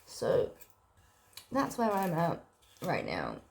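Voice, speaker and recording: Low-spirited woman with a gravelly voice. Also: wildly swooping pitch, slow, a little hiss or hum. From South Africa. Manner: emotional, rambling, sighing, many fillers. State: sick and low. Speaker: book vlogger. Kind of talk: casual personal vlog.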